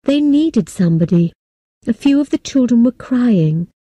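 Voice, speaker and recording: A woman narrating a story for English learners in a plain, steady, clearly paced reading. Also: on the high side, normal speed, dry recording.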